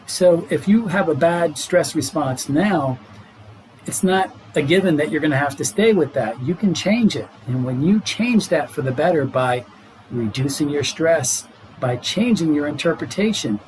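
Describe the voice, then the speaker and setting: Middle-aged man, doctor guest, earnest explainer, slightly high voice, faint background hiss. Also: expressive, moderate pace, a little mellow, rough recording. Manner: explanatory, earnest, laughs easily. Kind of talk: casual podcast health talk.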